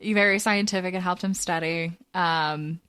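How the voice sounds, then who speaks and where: A woman's voice: on the low side, fairly even intonation, a little slow, a bit bright, clear, resonant tone, no echo, clean studio sound. A woman co-hosting a comedy podcast, chatting casually and playfully, often giggling. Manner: giggly, playful, puts on silly voices. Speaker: podcast co-host. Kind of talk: casual improv comedy chat.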